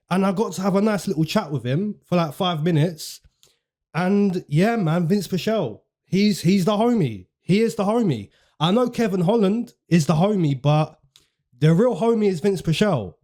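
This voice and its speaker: A man's voice: sits high, darkish tone. A man hosting fight predictions in casual, chatty commentary, repeating phrases for emphasis and using slang.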